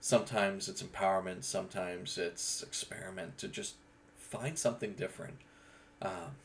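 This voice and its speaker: A man's voice: sits low, fairly even intonation, normal speed, vocal fry, fairly bright tone, slight background noise. A man from Eastern Canada, hosting a casual, rambling monologue about role-play voices. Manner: rambling, with frequent restarts and fillers. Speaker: gaming channel host.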